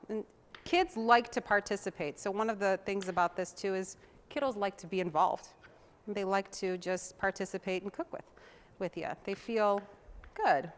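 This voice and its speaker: A young woman hosts a cooking show in a home-style kitchen. She chats in a homey, easygoing way while she chops and mixes, and her voice sits in an ordinary middle pitch. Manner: chatty and homey, talks while chopping. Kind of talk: casual cooking demonstration.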